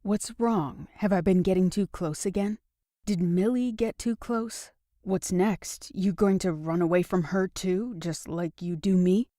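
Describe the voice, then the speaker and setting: A woman reading a blunt, steady young man. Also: lowish voice, a little slow, dry recording, clean studio sound, close to an everyday voice. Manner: calm but blunt. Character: patient young man, firm and frank. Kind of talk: audiobook dialogue reading.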